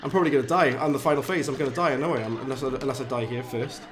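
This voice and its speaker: Brief: Welsh Valleys-accented male streamer, mid-pitched, easygoing self-mockery, game music clearly behind him. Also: steady tone, rapid-fire. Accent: South Wales Valleys. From South Wales. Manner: chatty, self-mocking, bursts up in pitch when frustrated. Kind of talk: casual live game-stream commentary.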